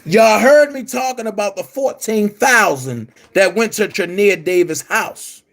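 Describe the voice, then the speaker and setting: Slow, heated high-voiced man. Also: gravelly, fairly bright tone. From Baltimore. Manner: confrontational, repetitive, calls listeners brother. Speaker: online commentator. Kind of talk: heated monologue to camera.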